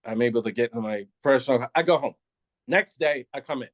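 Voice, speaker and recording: Fairly quick and medium-pitched, a retired NYPD officer in middle age tells a frank story on a dry recording. He keeps it animated with lots of laughs and acted-out lines from others.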